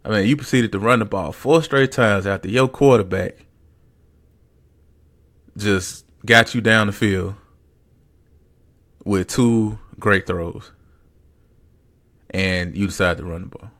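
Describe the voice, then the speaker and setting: A man's voice: lowish voice, slow pace, pauses often, a bit bright. A man hosting a podcast, talking sports in a casual, rambling way with lots of fillers and repeated phrases. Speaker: podcast host.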